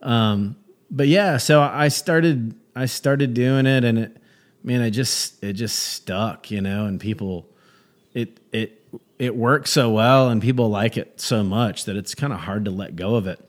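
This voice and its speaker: A stand-up comedian, a man, chatting about his craft in a casual interview. His voice sits at an ordinary middle pitch. He tells stories with plenty of energy and often stumbles over and restarts his sentences. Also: a little slow. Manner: animated storyteller, many restarts. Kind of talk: casual conversation.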